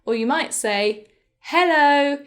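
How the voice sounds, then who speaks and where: A young woman teaching a beginner English lesson, speaking slowly and clearly and modelling example phrases. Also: fairly high pitch, animated. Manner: slow, clear, demonstrative pronunciation of example phrases.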